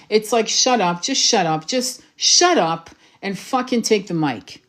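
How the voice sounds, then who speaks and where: A woman's voice: mid-range voice, expressive, measured pace, few pauses. A woman tarot reader, raised in France, talking passionately and urgently to her livestream viewers, swearing freely and repeating herself for emphasis.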